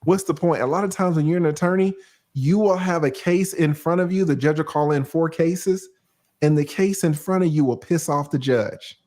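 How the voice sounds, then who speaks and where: A man hosting a livestream, talking casually and profanely, reading out viewer shout-outs. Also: fairly high pitch, moderate pace. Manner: animated, profane, reads out chat shout-outs. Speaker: host.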